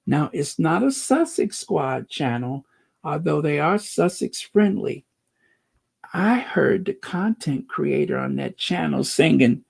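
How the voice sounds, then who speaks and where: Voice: mid-range voice, expressive, slow pace, creaky, darkish tone, husky. A channel host giving casual commentary and reading out viewer comments, drawling and sarcastic with playful wordplay asides.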